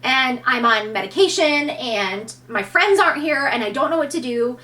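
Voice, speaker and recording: A woman in her thirties telling a personal story to camera in a candid, animated way, acting out what people said. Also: high voice, moderate pace, far from the mic. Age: 30s. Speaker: vlogger.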